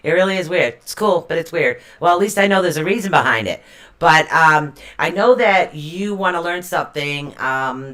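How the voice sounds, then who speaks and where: Bright chatty host with Boston accent. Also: female voice, deep voice. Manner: rambling, chatty. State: allergies. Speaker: live stream host. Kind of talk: casual chat.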